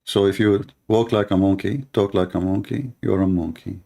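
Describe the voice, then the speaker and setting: A man's voice: lowish voice, steady tone, normal speed, creaky, dark tone. A man hosting a show, giving sarcastic, teasing commentary in non-native English. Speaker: host. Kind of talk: mocking commentary on a clip.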